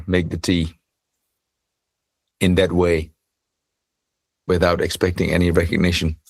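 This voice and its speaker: Deep-voiced man telling a story. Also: dry recording. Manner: hesitant, with many restarts while telling a story. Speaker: podcast co-host. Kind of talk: storytelling in casual conversation.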